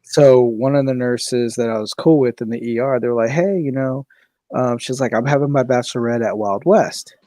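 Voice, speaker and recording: A young man telling a story in casual podcast chat, animated, swearing freely and acting out what people said. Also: mid-range voice, normal speed, no echo. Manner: animated, swears freely, laughs often, acts out quoted voices. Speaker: podcast co-host.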